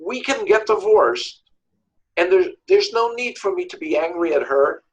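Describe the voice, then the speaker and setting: A man with a New York accent, a divorce lawyer being interviewed, telling stories in a lively way and acting out voices, often repeating words as he searches. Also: high voice, moderate pace, low-quality recording. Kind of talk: animated storytelling interview.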